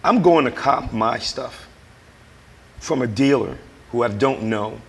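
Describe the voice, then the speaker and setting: In a big-sounding room, a guest shares his recovery testimony in conversation, emphatic like a preacher and performing the dialogue he recounts. He speaks at an unhurried pace in an expressive, medium-pitched voice with vocal fry and a breathy edge.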